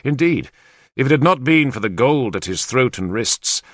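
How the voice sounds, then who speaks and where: A man narrating an audiobook in the first person, with expressive, lively storytelling on a close mic. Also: medium pitch, moderate pace, no echo.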